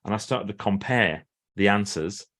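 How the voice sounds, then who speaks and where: A man's voice: lowish voice, moderate pace. A middle-aged man, a guest author and trainer, telling stories in a podcast interview and acting out what others said. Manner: animated storyteller who acts out quoted speech.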